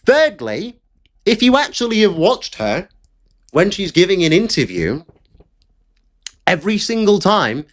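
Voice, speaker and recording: A man ranting through his own political commentary, blunt and openly fed up. His pitch rides up and down a lot as he talks. There are occasional faint clicks under his voice. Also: big pitch swings, measured pace, long pauses. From Britain. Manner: blunt, exasperated, sweary.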